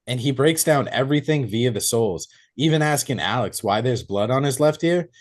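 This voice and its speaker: A young man hosting a podcast and walking through a movie's plot. He talks casually and loosely, full of "like" and "he's like". He keeps slipping into quick character voices for the lines he quotes. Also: medium pitch. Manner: animated retelling, quoting characters in changed voices. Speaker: podcast co-host.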